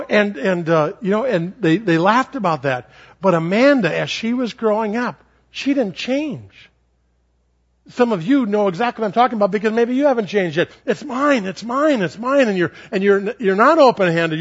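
A middle-aged man delivers a sermon in a high, animated voice, acting out children's voices as he tells his stories. The recording is dull and lo-fi. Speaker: preacher.

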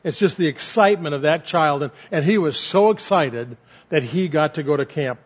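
Man, pastor, earnest sermon delivery, repetitive emphasis, fairly high voice, dull lo-fi recording. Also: normal speed, husky. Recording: dull lo-fi sound.

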